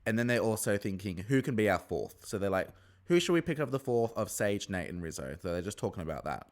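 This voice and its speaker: A man giving a casual, chatty episode review, acting out the contestants with sudden high-pitched squeals. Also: brisk. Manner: chatty, animated, jumps into high squeals when excited. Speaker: reality TV recap host.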